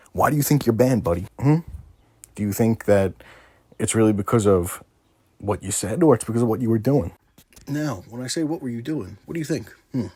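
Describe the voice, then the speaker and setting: A man's voice: mid-range voice, a little mellow, slightly rough, no echo, clean studio sound. A man giving sarcastic, taunting commentary over a screen recording, swearing often. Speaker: gaming video creator.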